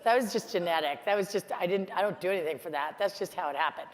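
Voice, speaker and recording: A middle-aged American woman telling stories in a lively, chatty motivational conference talk. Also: lowish voice, fast. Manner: storytelling, animated, chatty with many "like"s. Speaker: keynote speaker. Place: large conference hall. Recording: hall reverb from a stage mic.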